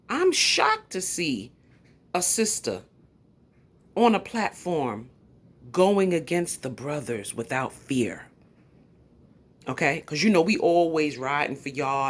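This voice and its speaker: A woman with a New York accent rants on a livestream, sassy and confrontational. Her voice sits low. She hammers each point with emphatic, pointed delivery. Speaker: YouTube commentator. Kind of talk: livestream commentary rant.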